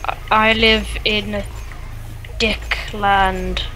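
A man's voice: high voice, little pitch movement, extremely slow, noisy background. A man from the UK chatting crudely and giggling while gaming over voice chat. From United Kingdom. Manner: giggly, crude, trash-talking. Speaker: co-op gaming partner. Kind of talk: casual gameplay chat.

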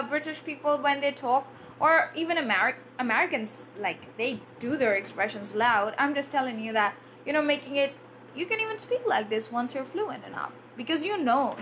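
A woman's voice: high-pitched, fairly bright tone, slight background noise. A woman English trainer and IELTS coach giving a live-streamed Q&A lesson, drilling tongue twisters aloud and answering viewer comments.

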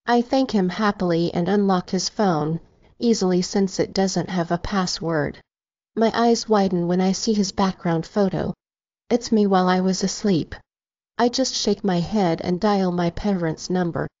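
A woman narrating a first-person romance audiobook with a steady, even reading. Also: mid-range voice, unhurried, dry recording. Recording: slightly dull, dry recording.

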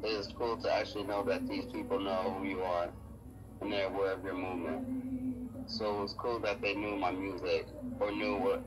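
A man co-hosting a radio show, relaxed and conversational as he reads news aloud. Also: low-pitched, moderate pace. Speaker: radio co-host. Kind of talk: casual radio chat and reading news aloud. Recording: noisy line.

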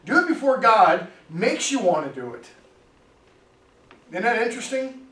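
High-voiced man preaching in an echoey church. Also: big pitch swings, normal speed, a bit bright. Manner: chatty, storytelling preacher who laughs often. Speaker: pastor. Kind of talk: sermon. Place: church sanctuary. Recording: echoey church hall, distant mic, faint noise.

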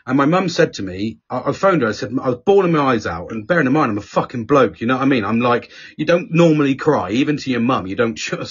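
Husky bloke swearing nonstop, jumpy animated voice, muffled lo-fi audio. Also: male voice, mid-range voice. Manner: swears constantly, restarts sentences. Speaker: podcast guest speaker. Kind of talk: candid conversational storytelling. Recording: dull lo-fi audio.

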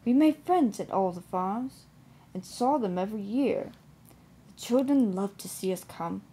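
A woman voicing a sad, proud old male traction engine in a storybook reading, gentle and wistful. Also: medium pitch, lively intonation, a little slow, a little hiss or hum.

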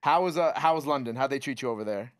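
A man hosting a radio interview, loud and hyped at first, then chatting in a slangy, swearing way. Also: medium pitch, quick pace, smooth, dry recording, clean studio sound. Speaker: radio show host. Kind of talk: hype interview chat.

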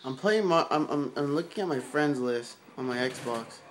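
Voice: medium pitch, expressive, moderate pace. Casual vlogger, offhand, rambling, goofy, handheld camera, bedroom. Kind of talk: casual rambling home video.

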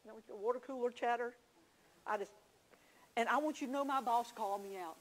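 A woman's voice: a little high, lively intonation, a little fast, pauses often, a little hiss or hum, rough recording. A woman teaching a church class, telling homey stories with confiding asides. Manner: folksy storytelling, confiding asides.

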